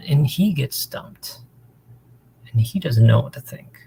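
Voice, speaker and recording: Male caller, gravelly, mid-pitched, call line with faint hiss, rambling and hesitant. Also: expressive, warm tone, poor audio. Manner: rambling, hesitant, quotes others in quick asides. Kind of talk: casual call-in chat. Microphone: video call.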